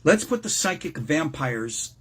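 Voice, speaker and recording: A man's voice: a little high, measured pace, breathy edge. An older man hosting a show, chatting casually and joking around, often repeating words as he gets going. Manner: playful, jokey, repeats words when excited. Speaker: host.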